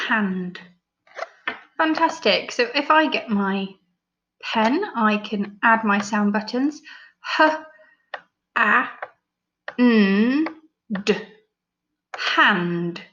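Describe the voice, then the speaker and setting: A woman teacher with an English accent, leading a recorded phonics lesson for young children, sounding out each letter slowly and praising often. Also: medium pitch, fairly bright tone. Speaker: primary school teacher. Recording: slightly dull lo-fi recording.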